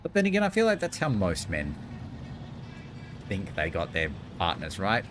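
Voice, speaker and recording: A man's voice: low voice, huge pitch swings, moderate pace, over music. A man, joking and rambling casually while he streams a game. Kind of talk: casual gaming commentary.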